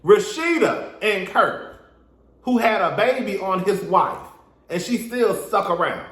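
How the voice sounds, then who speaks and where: A man giving a sassy, animated casual recap of a reality show, talking straight to his viewers. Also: high-pitched, unhurried, roomy sound. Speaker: reality TV reviewer.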